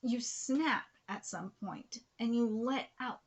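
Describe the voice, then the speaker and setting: Emotional, gushing woman reaction host, slightly high. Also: slow. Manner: emotional, gushing, often dropping to breathy whispered exclamations. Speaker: YouTube manga reaction host. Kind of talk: live reaction commentary.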